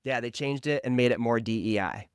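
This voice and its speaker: A male podcast host chats in an easygoing, agreeable way and laughs along readily. His voice is smooth and resonant, pitched in the middle. It is recorded close and dry, with no room echo. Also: a little fast. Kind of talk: casual interview.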